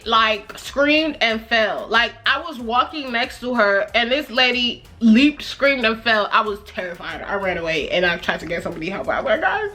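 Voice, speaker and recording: A woman's voice: a little high, sharp tone. A young woman reading her diary aloud and reflecting on it in a casual, chatty way, laughing often and acting out the people she quotes.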